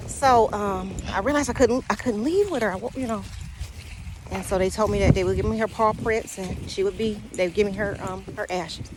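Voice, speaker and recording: A woman telling a rambling, halting personal story in a casual vlog, speaking. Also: mid-range voice. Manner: rambling, halting, talks to her dog mid-story. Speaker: spiritual vlogger. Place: outdoors, walking a dog. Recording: outdoor noise behind the voice.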